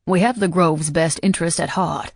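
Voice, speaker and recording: A woman voicing a tall, sweaty businessman with a Southern accent, speaking politely and deliberately. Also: on the low side, darkish tone, dry recording. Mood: persistent.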